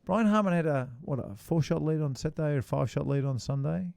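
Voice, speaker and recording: A man's voice: fairly high pitch, creaky, darkish tone. A man co-hosting a golf podcast, chatting casually and joking with his co-host. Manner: chatty, joking, quick asides.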